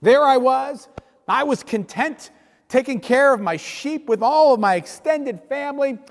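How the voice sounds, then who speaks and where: An exasperated prophet Moses, as a preacher puts him on, dripping with mock-cheerful sarcasm. His voice sits high and leaps all over, and a long reverb trails every phrase. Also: expressive, a little slow, heavily acted. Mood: sarcastic. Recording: long reverb in a large hall.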